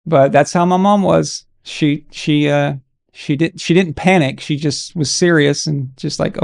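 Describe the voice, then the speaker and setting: A man's voice: fairly high pitch, unhurried, creaky. A man hosting a live game watch-along, reacting casually and telling stories to his viewers. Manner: casual, encouraging, chatty. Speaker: watch-along stream host.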